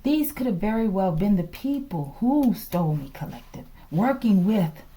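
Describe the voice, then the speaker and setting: A woman's voice: mid-range voice, very animated, normal speed, mellow. A woman reading tarot in a casual vlog, talking emphatically and often checking in with her listeners. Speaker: tarot reader.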